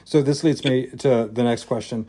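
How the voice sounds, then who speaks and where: A man's voice: mid-range voice, fairly even intonation, moderate pace, dark tone. A man from Louisiana hosting a podcast interview, speaking hesitantly with frequent restarts. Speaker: podcast host. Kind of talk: casual interview chat.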